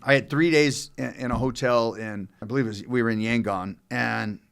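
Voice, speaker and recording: A man's voice: medium pitch, normal speed, gravelly, clear, resonant tone. A middle-aged man casually telling a long, rambling story on a podcast, swearing often and talking loosely. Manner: rambling, profane, loose and animated.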